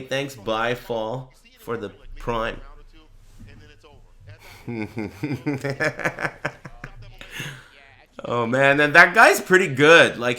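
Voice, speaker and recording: A man hosting a livestreamed podcast in casual chat, telling stories animatedly with a lot of swearing and laughter. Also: medium pitch. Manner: profane, animated storytelling with frequent laughter. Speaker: streamer and podcast host.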